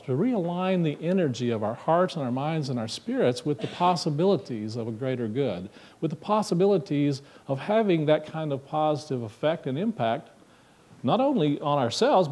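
A man's voice: on the high side, darkish tone. A man preaching a sermon in a church, talking conversationally and asking the congregation questions. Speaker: minister. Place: church sanctuary.

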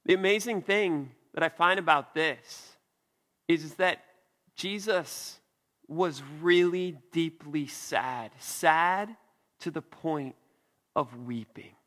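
Guy preaching a sunday sermon, pretty high voice, takes it slow, earnest pauses. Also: in a large hall. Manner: earnest, slow and deliberate with soft emphatic pauses. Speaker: pastor. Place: church.

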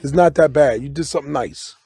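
Gravelly, husky man riffing loudly. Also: on the high side, a little fast, no echo, clean studio sound. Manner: loose, preachy riffing with sudden loud bursts and profanity. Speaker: guest comedian and actor. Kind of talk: casual interview talk. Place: radio studio.

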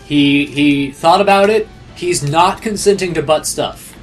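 Speaking unhurriedly in a fairly high voice, a man serves as guide for a friend playing a video game. The banter is casual let's-play talk over game music, animated and chatty, full of frequent restarts.

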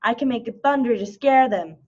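A woman voicing a jealous, showy fairy in a children's storybook reading, with shrill bragging exclamations over a slightly dull lo-fi recording. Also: a little fast, a little mellow, close to an everyday voice.

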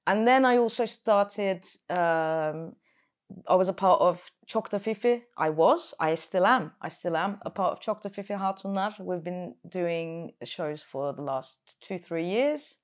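A woman's voice: lowish voice, measured pace. A woman who grew up in London, a comedian chatting casually in an interview, rambling with fillers and self-deprecating jokes. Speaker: comedian guest.

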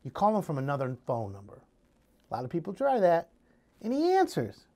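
A man giving casual home improvement advice, telling scenarios in an animated way. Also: on the high side, a little fast. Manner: animated storytelling, acting out scenarios.

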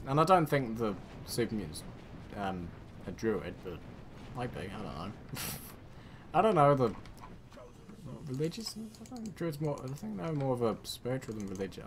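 Excitable British man rambling over gameplay. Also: medium pitch, slight background noise. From United Kingdom. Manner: rambling, excitable, sarcastic asides. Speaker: let's play gamer. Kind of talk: casual game commentary.

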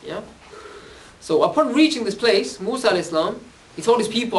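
An expressive, high-voiced man talks a little fast during an informal religious talk to youth, recorded from a distance. He tells stories in a loose, conversational manner and keeps asking "yeah?" after almost every phrase.

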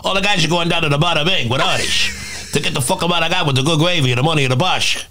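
Man doing a gruff New Jersey mob boss. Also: a little high, fast, noisy background, lightly acted. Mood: rambling.

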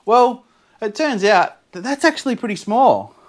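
An Australian man, excitable and quick to laugh, chatting casually to camera as a fluid art vlogger. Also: extremely high pitch. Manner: excitable, laughs often, bursts into shouts.

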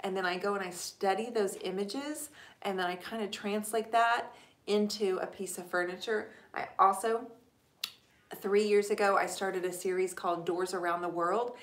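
A woman's voice: medium pitch, steady tone, normal speed. Chatty woman live-streaming from an echoey room. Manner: chatty and warm, thanks viewers by name. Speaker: furniture painter hosting a live stream. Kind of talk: casual live-stream chat answering viewer questions.

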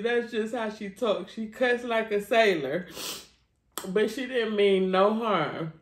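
A woman's voice: mid-range voice, slow, reverberant. A woman vlogging, grieving and heartfelt, with a casual cussing manner, crying at times. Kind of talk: tearful personal vlog.

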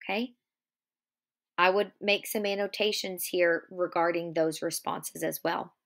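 A woman's voice: on the low side, fairly even intonation, measured pace, vocal fry, fairly bright tone. A woman teacher guiding a class reading who stops often to pose questions to her students. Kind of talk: guided reading lesson.

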